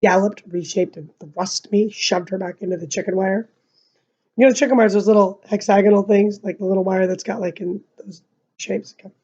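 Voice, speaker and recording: A woman's voice: medium pitch, fairly quick, lo-fi sound. A young woman reading a novel aloud like a teacher, adding casual asides. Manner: casual asides between reading, slightly monotone narration. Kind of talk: read-aloud with commentary.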